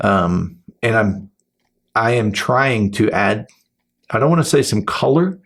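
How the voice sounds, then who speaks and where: A man's voice: lowish voice, lively intonation, unhurried, a bit bright. A man hosting a podcast in casual chat, rambling and restarting sentences, swearing freely and acting out his partner's replies. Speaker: podcast host.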